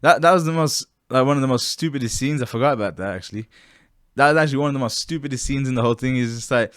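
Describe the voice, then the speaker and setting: A man co-hosting a casual podcast chat, jokey and quick to laugh. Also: mid-range voice, fairly bright tone, dry recording, studio quality. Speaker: podcast host.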